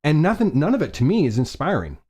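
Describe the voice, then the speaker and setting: A man's voice: on the high side, wildly swooping pitch, fast talker, darkish tone, breathy edge. A man hosting a casual fashion live stream, chatty and rambling, often restarting and laughing at himself.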